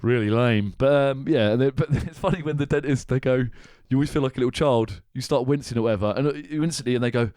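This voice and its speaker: A man's voice: medium pitch, fast, few pauses, a little mellow, no echo. Guy rambling a story on a podcast, laughs a lot, swears, dry sound. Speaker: podcast host. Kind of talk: casual chat.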